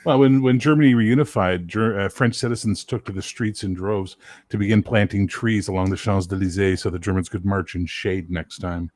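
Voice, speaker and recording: Low-voiced man cracking dry jokes. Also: steady tone, moderate pace, a little mellow. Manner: dry joke-teller with short backchannel replies. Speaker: podcast co-host. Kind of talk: casual chat.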